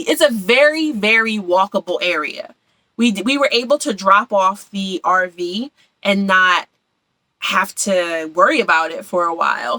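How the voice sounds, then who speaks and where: A woman's voice: mid-range voice, sharp tone, no room sound, poor audio. A young woman from Philadelphia chatting casually and enthusiastically about her travels, repeating words for emphasis. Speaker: travel vlogger.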